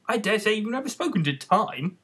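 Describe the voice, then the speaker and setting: A quarrelsome, rude Hatter grumbles and scoffs, voiced by a reader. His husky voice jumps about with lively pitch, ever contemptuous in this storybook reading. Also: brisk. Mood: grumbling. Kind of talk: amateur audiobook reading.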